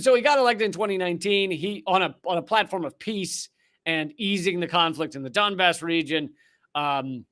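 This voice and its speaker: A sardonic male host alternates between reading a document aloud and cracking wry asides. His voice sits high for a man and rings bright and forceful. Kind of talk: political comedy commentary.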